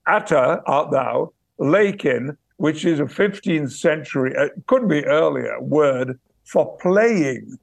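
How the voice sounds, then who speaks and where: An older man with crisp received pronunciation and a gravelly edge tells his stories slowly and thoughtfully, often pausing to find the right word. His voice sits slightly high for a man. The recording is close and dry, with no room sound. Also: lively intonation, no echo. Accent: British received pronunciation. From Yorkshire, England. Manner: measured, thoughtful, pausing to search for words. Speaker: guest, actor and memoir author. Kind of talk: reflective interview storytelling.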